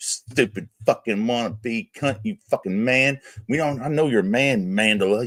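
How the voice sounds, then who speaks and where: Man, livestream host, crude profane rant, swearing nonstop, mid-pitched voice. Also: normal speed, few pauses. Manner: crude, loud, swears constantly. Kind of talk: casual profane streaming rant.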